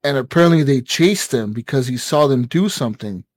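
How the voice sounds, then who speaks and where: A gaming podcast co-host with a medium-pitched voice tells a story in brisk, casual chat, heard on a dry recording. He's excitable and profane, using lots of fillers and acted-out quotes.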